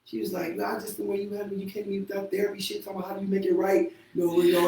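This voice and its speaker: A man's voice: sits high, little pitch movement, very fast, hardly any pauses, a loud crowd. A man who works as a therapist, talking candidly and bluntly, with a lot of profanity and frequent laughter. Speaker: show host and therapist. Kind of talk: candid casual talk. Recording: echoey room from far off with faint noise.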